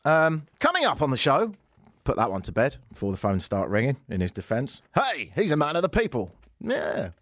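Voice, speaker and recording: British male radio host, sarcastic comic monologue, swoops all over his pitch, dry close studio mic. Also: moderate pace, no echo. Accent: British English. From Britain. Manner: sarcastic, animated, mock-outraged rants. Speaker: radio talk show host. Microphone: studio microphone.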